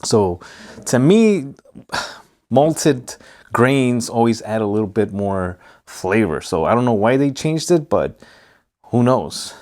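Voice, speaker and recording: A man with a Hispanic American accent hosting a casual whiskey review vlog, talking in a relaxed, rambling way with many fillers. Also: mid-range voice, slow pace. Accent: Hispanic American English. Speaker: whiskey reviewer, channel host.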